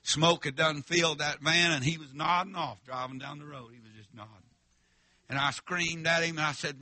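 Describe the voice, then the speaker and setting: A man's voice: fairly high pitch, sharp tone, no room sound. A male preacher, telling a story in a revival sermon in a folksy, emphatic way and calling out to the congregation.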